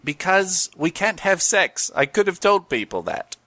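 A man's voice: sing-song, measured pace, bright, forceful tone, no room sound, exaggerated voice. A man putting on a cheeky gecko insurance mascot. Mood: mock salesman. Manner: salesy, mock-earnest pitch.

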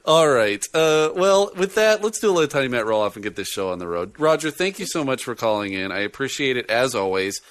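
A man's voice: medium pitch, fairly quick, few pauses, dry recording. A man hosting a casual podcast, joking and laughing often as he chats with his co-host. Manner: animated, laughs often, jokey.

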